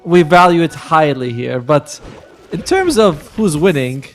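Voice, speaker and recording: A man's voice: fairly high pitch, animated, unhurried, faint music behind. A man commentating a live esports match, chatty and joking as he breaks down the play. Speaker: esports caster.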